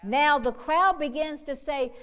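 A woman preacher with a high voice delivers a fervent sermon. She drops into hushed asides, then rises to loud, bold exhortation with whoops and hallelujahs. She keeps pressing her listeners to act. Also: unhurried.

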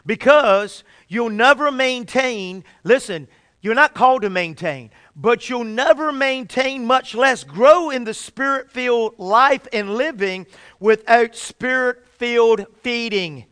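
A fervent male preacher with a high, smooth, resonant voice. He often restarts his phrases and stretches his key words slowly. The sound is close and dry. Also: a bit bright, dry recording. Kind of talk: sermon.

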